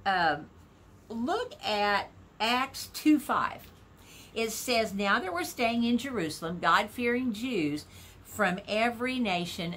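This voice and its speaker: A woman preaching a sermon in a folksy, animated way, putting questions to the congregation. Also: medium pitch, slight background noise.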